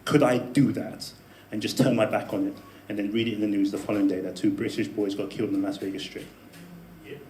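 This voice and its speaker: A man telling a personal story to a live audience in a debate speech, animated, with laughing asides and emphatic peaks. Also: lowish voice, fast, a little hiss or hum. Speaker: debate speaker. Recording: echoey room with faint ambience.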